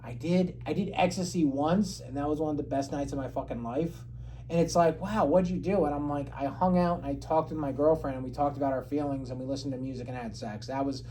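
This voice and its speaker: Guy telling a wild story on a podcast, swears a ton, voice shoots way up when he quotes himself, bit of background hiss. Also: poor audio. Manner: animated, swears a lot, jumps high when quoting himself. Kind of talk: casual chat, storytelling.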